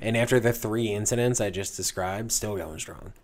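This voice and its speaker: Man in his 30s, lowish voice, podcast guest, animated storyteller, laughs a lot. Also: normal speed, a crowd in the background. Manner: animated anecdote telling, laughing at own story. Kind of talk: casual storytelling chat.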